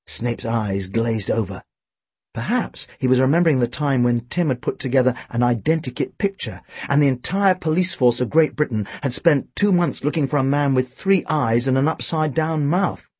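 A man narrating a storybook with a dry, wry, expressive delivery. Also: mid-range voice, moderate pace, breathy edge, no room sound. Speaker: audiobook reader.

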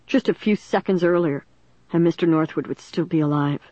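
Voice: mid-range voice, fairly quick, warm tone, no room sound, dull audio, close to an everyday voice. A reader voicing a teenage boy who plays at sorrow in a tight, solemn tone.

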